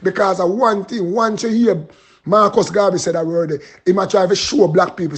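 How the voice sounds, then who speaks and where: A man's voice: sits high, steady tone, moderate pace, slightly rough. A Jamaican man giving a pleading, repetitive, preacher-style live appeal and prayer. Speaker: street preacher and vlogger.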